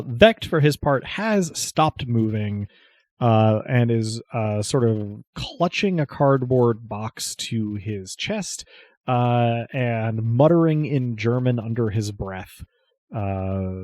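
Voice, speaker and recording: Slow, chuckling man running a tabletop game. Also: mid-range voice, no echo. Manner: relaxed, chuckling, searching with many fillers. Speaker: game master.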